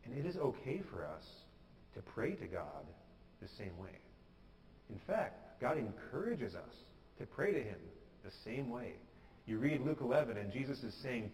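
A man's voice: medium pitch, very animated, normal speed, gravelly, darkish tone, in a large hall, poor audio. A pastor giving an earnest, conversational sermon, sometimes acting out the prayers he quotes. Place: church sanctuary.

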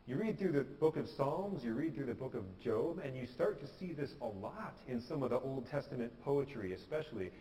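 A man's voice: mid-range voice, darkish tone, a little hiss or hum. Man preaching in a reverberant church. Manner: earnest, conversational, acts out quoted prayers. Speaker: pastor. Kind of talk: sermon. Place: church sanctuary.

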